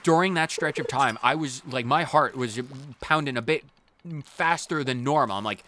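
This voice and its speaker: A man hosting a let's play, giving rambling, animated commentary and often repeating himself. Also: medium pitch, moderate pace, slight background noise. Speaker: gaming channel host.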